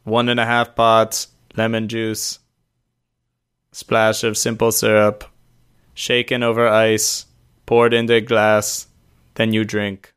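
A man's voice: fairly low pitch, monotone, slow pace, pauses often, fairly bright tone, smooth. A man co-hosting a podcast over a remote call, chatting casually with a joking, rambling manner. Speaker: podcast co-host. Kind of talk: casual chat.

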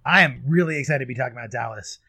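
A man's voice: mid-range voice, very fast, pushed and bright, dry recording. A man hosting a casual podcast, chatty and self-deprecating, often breaking into laughter. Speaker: podcast host.

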